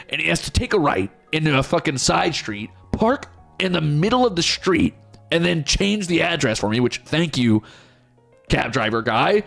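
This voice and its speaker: A man's voice: a little high, normal speed, gravelly, faint music behind. A man telling a story casually to his chat as a streamer, swearing often and telling it with energy. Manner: profane, animated storytelling.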